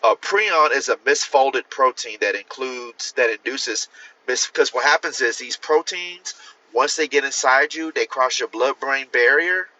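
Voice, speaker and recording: Guy ranting on his phone live, swears a lot, answers comments, sharp bright voice. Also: medium pitch, dull audio. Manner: profane, rambling, talks straight to viewers. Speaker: author hosting a livestream. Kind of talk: casual livestream chat.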